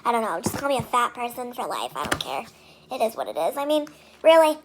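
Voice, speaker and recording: A woman's voice: a little high, big pitch swings, quick pace, a little hiss or hum. A young woman vlogging casually, venting with frustration and many fillers. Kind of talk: casual vlog monologue.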